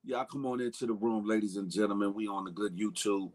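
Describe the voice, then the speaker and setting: A man's voice: lowish voice, brisk, few pauses, darkish tone. A man hosting a morning live stream, chatting loosely in slang, greeting viewers by name and riffing on internet gossip. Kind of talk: casual live-stream chat.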